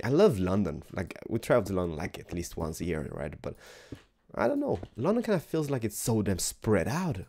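Young male gaming host, tired morning voice, warm low-key tone, chatty and rambling with wide pitch swings. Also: creaky. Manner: rambling, animated, repeats words, drops into whispers. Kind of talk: casual gameplay commentary.

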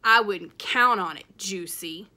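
A woman's voice: medium pitch, measured pace. A woman voicing an angry fourth-grade boy who snaps at his little sister. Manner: snappish, shouting.

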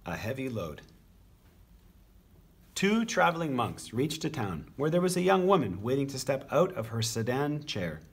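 A man reading a children's picture book aloud as a teacher, with expressive, animated storytelling. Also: medium pitch, moderate pace, slightly rough.

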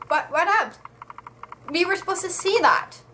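A woman's voice: extremely high pitch, lively intonation, unhurried, bright, forceful tone, a little hiss or hum, rough recording. A woman giving a casual, exasperated review to camera, talking in slang and ranting with a lot of energy. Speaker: book and movie reviewer.

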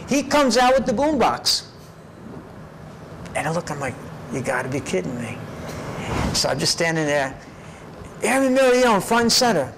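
Lively storytelling man, fairly high voice. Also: normal speed, pauses often, noisy background. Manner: lively, tags phrases with "right?". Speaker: interview guest, karate teacher. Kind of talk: animated personal storytelling. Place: karate gym.

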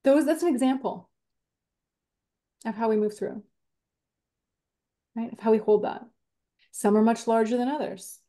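A woman speaking as a podcast guest, talking in an animated and reflective way and acting out her own inner thoughts as she explains. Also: fairly high pitch, a little slow, long pauses. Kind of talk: reflective conversational interview.

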